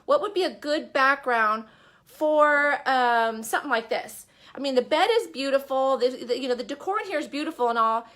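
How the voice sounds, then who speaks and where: A high-voiced woman with a crisp, bright tone hosts a live stream as a business coach. She talks in a chatty, upbeat way and keeps asking her viewers direct questions. She speaks from a bedroom at home. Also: moderate pace.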